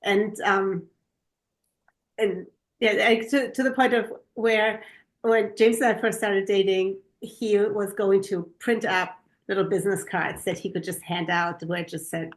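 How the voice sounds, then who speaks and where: A woman's voice: medium pitch, fairly even intonation, measured pace. A woman from Germany co-hosting a parenting podcast, chatting casually and telling stories with lots of ums. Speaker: podcast co-host.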